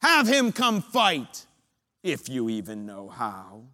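A preacher acting out a huge, arrogant and angry warrior shouting slow taunts in a sermon. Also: male voice, medium pitch, huge pitch swings, voice pushed down, exaggerated voice. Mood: taunting.

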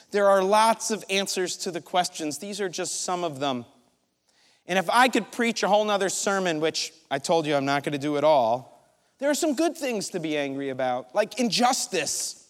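A middle-aged man preaching a sermon, animated and storytelling, acting out his own thoughts. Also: sits high. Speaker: pastor. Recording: large hall reverb.

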